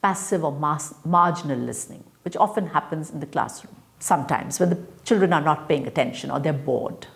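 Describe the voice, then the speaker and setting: A woman giving a recorded lecture to teachers, explaining step by step in a deliberate way with frequent fillers. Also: deep voice, creaky. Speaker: teacher educator.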